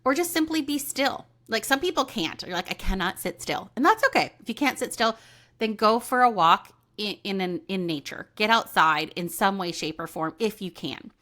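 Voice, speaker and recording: A woman's voice: medium pitch, animated, normal speed, pushed and bright. A woman hosting a solo podcast, chatting casually and animatedly about intuition and readings, often acting out what people say. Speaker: podcast host and intuitive medium.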